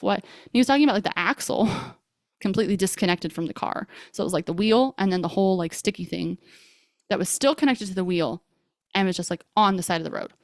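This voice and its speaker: A woman's voice: lowish voice, no room sound, clean studio sound. A young woman hosting a podcast, telling a personal story in a chatty way, full of fillers and quoted dialogue. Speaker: podcast host.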